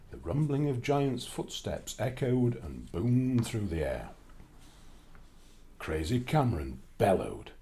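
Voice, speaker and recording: A man reads a children's storybook aloud in a fairly low voice. His pitch rises and falls a great deal, and his reading is expressive and lively.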